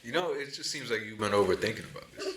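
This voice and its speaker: A man's voice: fairly low pitch, lively intonation, racing, heavy reverb, crowd noise. A young man co-hosting a podcast, teasing in laid-back casual chat. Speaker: podcast co-host.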